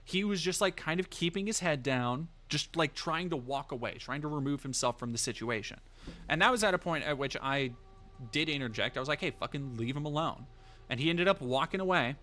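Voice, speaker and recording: A man's voice: on the high side, expressive, fairly quick, sharp tone. Rambling, profane man telling a story. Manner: rambling, profane, lots of fillers and restarts. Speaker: streamer. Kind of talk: casual storytelling on a livestream.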